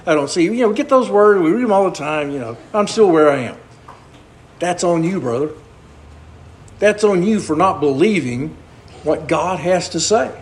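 A man's voice: high-pitched, lively intonation, moderate pace, long pauses. A man preaching a conversational sermon, asking the congregation earnest rhetorical questions.

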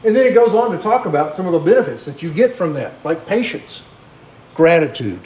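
A man's voice: a little high, sing-song, fairly quick, darkish tone. A man preaching a conversational sermon, asking the congregation earnest rhetorical questions.

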